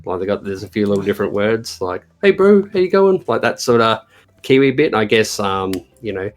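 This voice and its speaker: A man's voice: lowish voice, fairly even intonation, brisk, soft background music. A man in casual chat as a guest, talking with many ums and restarts. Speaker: podcast guest.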